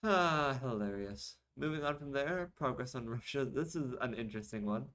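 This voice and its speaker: Casual male podcast host, young adult, mid-pitched, reads articles with sarcastic commentary. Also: expressive, moderate pace, a bit bright. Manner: sarcastic asides between read-out articles. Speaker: podcast host reading news.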